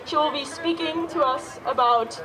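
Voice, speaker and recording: Very high-voiced woman emceeing an outdoor rally. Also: normal speed. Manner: energetic, switches between English and Dutch. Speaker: rally moderator. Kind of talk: rally emcee, leading chants. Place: outdoor city square rally. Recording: outdoor rally with loud crowd noise.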